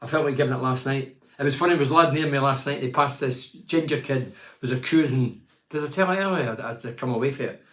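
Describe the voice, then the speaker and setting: A man's voice: medium pitch, quick pace, fairly bright tone. Blunt, opinionated older man, echoey room. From Teesside. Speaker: host reading viewer comments. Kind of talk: casual chat.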